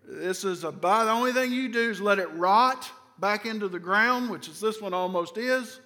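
A man's voice: high-pitched, moderate pace, pushed and bright. A man with a Southern American accent preaching a sermon as pastor, emphatic and full of repetition and rhetorical questions. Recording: long reverb of a large hall.

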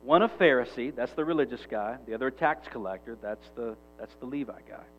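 A man's voice: mid-range voice, a little fast, highs cut off. A male pastor preaching a sermon in an emphatic, conversational way.

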